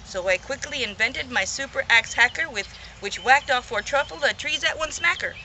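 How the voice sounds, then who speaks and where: Bright woman reading a storybook. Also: high-pitched, lively intonation, moderate pace, a little hiss or hum, rough recording. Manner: rhythmic, playful rhyming delivery. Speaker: reader. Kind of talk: storybook read-aloud.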